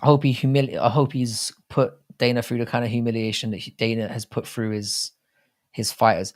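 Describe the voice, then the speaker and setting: A man's voice: medium pitch, level tone, fairly quick. A British man co-hosting a live stream chat, rambling in a casual, profane way. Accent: British English. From Britain.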